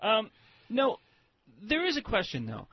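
A man's voice: high-pitched, wildly swooping pitch, unhurried, highs cut off. A man hosting a radio talk show, joking with his guest and then asking thoughtful questions. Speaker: radio host.

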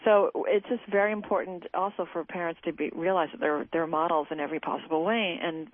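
A woman's voice: fairly low pitch, steady tone, a little fast, a little hiss or hum. A woman, a cookbook author, talking emphatically as a guest on a radio show. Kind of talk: radio interview. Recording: tinny phone line.

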